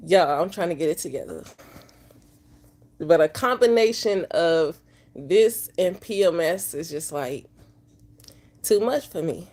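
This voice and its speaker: A woman's voice: on the low side, expressive, a little mellow. A woman truck driver, vlogging to her viewers, upset and emotional after just waking up. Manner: talks slowly and drawls, addresses viewers as y'all. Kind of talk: emotional casual vlog to viewers.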